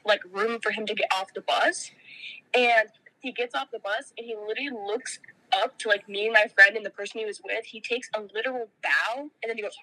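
Bright-voiced young woman telling stories. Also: fairly high pitch, steady tone, fairly quick, rough recording. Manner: laughing storyteller, swearing freely. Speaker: podcast guest. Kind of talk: casual chat.

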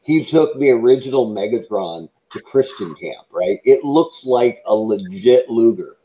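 A man's voice: medium pitch, expressive, unhurried, dull audio. A man on a podcast, chatting casually with wry jokes. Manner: wry, joking asides. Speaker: podcast co-host. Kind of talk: casual chat.

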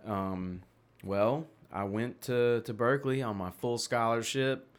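A man's voice: medium pitch, steady tone, a little slow, clean tone. Rambling laid-back man. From Tennessee, US. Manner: rambling, laughs a lot, swears freely. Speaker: podcast guest. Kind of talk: casual chat.

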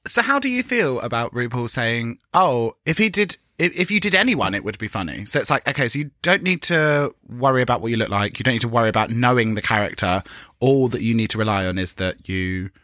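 Young man, podcast co-host, casual gossipy chat, animated delivery that swings widely up and down, bright forceful tone, dry close sound. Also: mid-range voice, quick pace, no room sound. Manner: animated, gossipy, swears, acts out quotes.

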